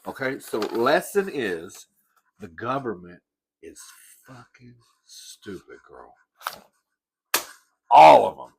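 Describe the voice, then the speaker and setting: A man's voice: mid-range voice, sing-song, slow pace, creaky, pauses often, darkish tone, a little hiss or hum. A man hosting his own show, ranting to the camera in a sassy, profane way while eating. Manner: sassy, profane, calls listener "girl". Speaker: host. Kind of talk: comic rant to camera.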